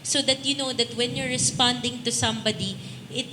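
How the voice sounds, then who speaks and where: A woman's voice: fairly high pitch, fairly even intonation, a little fast. A woman on a panel explaining a topic in a structured way. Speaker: panel speaker. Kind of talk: panel discussion answer. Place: large event hall. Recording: clear noise behind.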